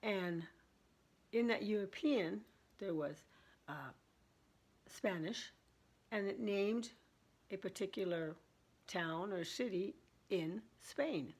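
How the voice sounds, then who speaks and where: A woman in her seventies with a husky voice, chatting and laughing as she tells stories to her vlog viewers. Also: medium pitch, slow, long pauses. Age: 70s. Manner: chatty, laughs often while telling. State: throat trouble. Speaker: vlogger. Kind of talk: casual storytelling chat.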